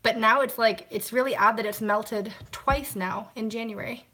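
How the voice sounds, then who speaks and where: A woman chats casually on a live stream from home, greeting viewers by name and answering their comments. Her voice is bright and a little sharp. She keeps talking as she washes glasses by hand. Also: on the high side, steady tone, normal speed. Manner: talks while washing glasses by hand. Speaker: vlogger hosting a live stream.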